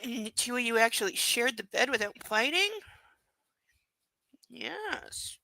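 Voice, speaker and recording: Bright-voiced woman, sarcastic book reader. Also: a little high, lively intonation, measured pace, gravelly, no echo, poor audio. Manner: sarcastic, blunt commentary; cooing baby talk to her dog. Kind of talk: live-streamed book reading with commentary.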